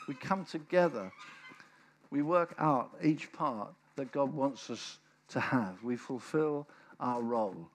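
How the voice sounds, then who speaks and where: An older man preaches a sermon, his voice husky and a little breathy. He tells stories with animation and slips into the voices of the people he describes. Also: mid-range voice. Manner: animated storytelling, acting out quoted voices.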